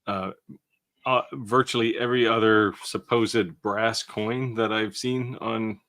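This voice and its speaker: Slow and steady in tone, the man's low-pitched voice carries a slight brightness and is recorded close and dry, free of room echo. He's co-hosting a live maker Q&A, casually and matter-of-factly explaining technical points as a hands-on maker passing on what has worked for him.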